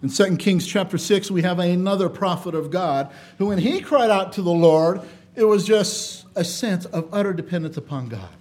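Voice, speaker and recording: High-voiced preacher man, dynamic delivery. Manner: dynamic, swinging between loud emphasis and low quiet asides; reads scripture aloud in a measured cadence. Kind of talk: sermon.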